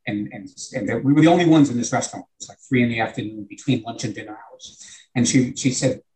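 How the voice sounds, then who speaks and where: A man's voice: mid-range voice, quick pace, darkish tone, poor audio. An older man with a New York accent, a retired teacher telling a long, earnest anecdote in conversation. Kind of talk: conversational storytelling.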